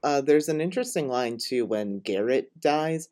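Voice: medium pitch, lively intonation, moderate pace, a little mellow. A podcast co-host in casual chat, recapping a film with dry, opinionated asides.

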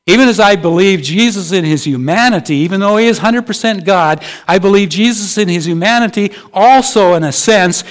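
A male pastor preaching a sermon in a conversational way, asking his listeners rhetorical questions. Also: on the high side.

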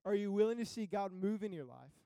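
A young man preaching a sermon as pastor, conversational and casual, building to emphatic high peaks. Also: lively intonation, quick pace, creaky, dark tone, clear, resonant tone, no room sound, clean studio sound.

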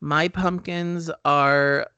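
A man's voice: on the high side, steady tone, very slow, bright, forceful tone, clean tone, no echo, lo-fi sound. A man co-hosting a casual movie-review podcast, talking in a loose, rambling way with lots of "um" fillers. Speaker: podcast co-host.

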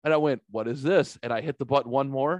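A man's voice: medium pitch, quick pace, no room sound, highs cut off. A man hosting a podcast, telling a rambling, profane story in casual chat. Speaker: podcast host.

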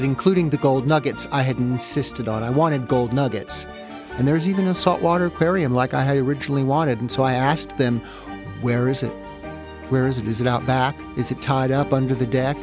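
Wry man telling a comic story. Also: mid-range voice. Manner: wry, self-mocking, animated asides. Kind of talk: first-person comic storytelling.

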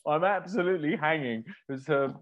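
Brief: eager young male co-host, slightly high voice. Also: fairly bright tone, lo-fi sound. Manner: eager, self-deprecating, quick. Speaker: motorsport podcast co-host. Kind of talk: casual chat.

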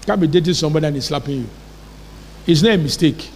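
A man preaches with emphatic conviction, repeatedly checking whether his congregation has understood him. His voice sits high for a man. The sound carries the long reverb of a church hall. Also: fast. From Nigeria. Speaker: pastor. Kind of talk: sermon.

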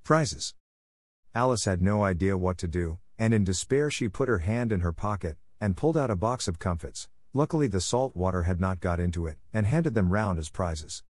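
A man reading a classic storybook aloud in a steady, measured narration for language learners. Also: low-pitched, no room sound. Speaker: audiobook reader.

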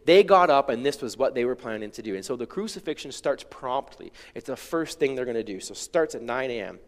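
A man's voice: medium pitch, expressive, a little fast. A man preaching a sermon in a casual, conversational way, often checking in with listeners by asking "right?". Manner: conversational, uses rhetorical "right?". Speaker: pastor. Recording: long hall reverb.

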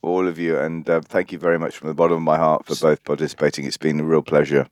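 A man's voice: a bass voice, level tone, fast, a little mellow, no echo. A man co-hosting a podcast, joking cheekily and bawdily in casual banter. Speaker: podcast co-host.

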